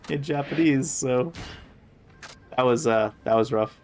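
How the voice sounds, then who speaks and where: A man's voice: mid-range voice, fairly even intonation, normal speed, a little mellow, slight background noise. A man streaming a video game, giving casual commentary with wry, offhand asides.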